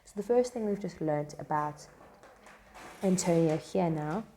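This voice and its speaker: A woman's voice: on the low side, a little slow, mellow, a little hiss or hum. A woman tutoring a play chattily, full of fillers and "right?" checks, speaking in a classroom. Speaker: literature tutor. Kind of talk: casual explanatory lesson with read-aloud quotes. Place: classroom with noise around.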